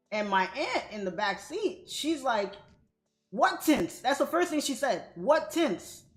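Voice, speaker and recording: Indignant woman telling a story, echoey room. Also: on the high side. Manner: animated, indignant, profane. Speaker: livestream trading host. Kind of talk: casual storytelling to viewers.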